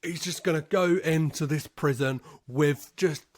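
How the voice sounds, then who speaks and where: A man with a slightly raised pitch talks through a film plot in a casual, laid-back podcast manner, cursing freely and pausing on fillers. He speaks at an unhurried, slow pace. The sound is dry and close, with no room echo. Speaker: podcast host.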